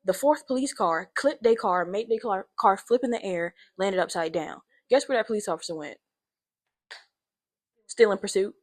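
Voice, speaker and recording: A young woman hosting her own podcast, telling a story in a casual monologue, profane and animated, climbing to shouts at the peaks. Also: mid-range voice, moderate pace. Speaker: podcast host.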